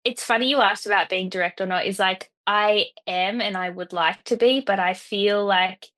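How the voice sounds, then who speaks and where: A woman's voice: mid-range voice, moderate pace, fairly bright tone. A young woman as a client on a coaching call, hesitant and full of fillers. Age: young adult.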